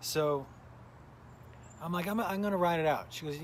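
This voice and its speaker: A middle-aged comedian talks in a loose, rambling way, stopping his own story to greet viewers. His voice sits a little high for a man and sounds worn and tired. A faint hum of noise runs behind him. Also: normal speed, pauses often. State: tired, recovering from illness. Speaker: comedian hosting a live smoking stream. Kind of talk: casual live-stream chat and storytelling.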